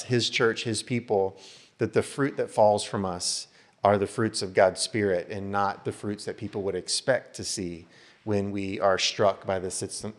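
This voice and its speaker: A male pastor giving an earnest sermon to a small church, full of rhetorical questions and lists. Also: fairly low pitch.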